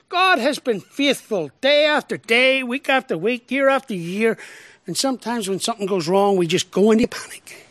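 A man preaching a sermon as pastor, expressive, with rhetorical questions, swinging from emphatic lines to hushed ones. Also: very high voice, normal speed, no room sound.

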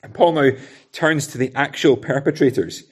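A man's voice: medium pitch, normal speed, breathy edge. A man preaching an expository sermon in a conversational way, often adding rhetorical tag questions.

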